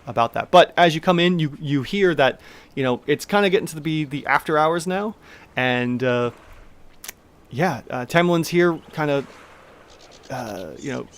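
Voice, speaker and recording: A man's voice: fairly high pitch, expressive, moderate pace. A man narrating as game master, loose and rambling with many fillers.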